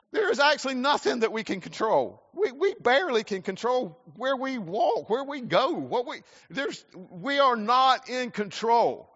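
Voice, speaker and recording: A man's voice: very high-pitched, sing-song, moderate pace, fairly bright tone. A man from South Carolina, preaching a sermon earnestly, often repeating words as he restarts. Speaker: pastor. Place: church sanctuary. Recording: muffled church hall with long reverb.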